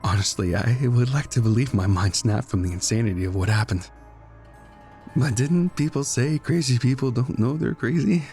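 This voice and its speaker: A man narrating a first-person horror story in a measured, tense, brooding way. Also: mid-range voice, darkish tone, soft background music. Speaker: guest narrator.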